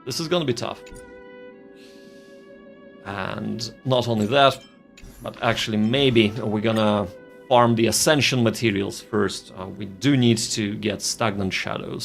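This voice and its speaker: A man's voice: fairly low pitch, creaky. A man streaming a game and commenting casually, thinking aloud, repeating phrases and reading game text.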